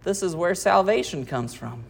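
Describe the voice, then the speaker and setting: A preacher delivers an expository sermon at a medium pitch. The preacher reads verses aloud, then explains them and asks rhetorical questions of the listeners. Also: animated, normal speed, creaky, breathy edge. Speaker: pastor.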